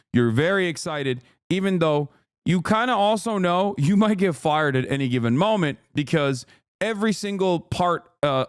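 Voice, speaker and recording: Animated, profane man ranting on stream. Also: high voice, clear, resonant tone, no echo, studio quality. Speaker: streamer host. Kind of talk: casual commentary rant.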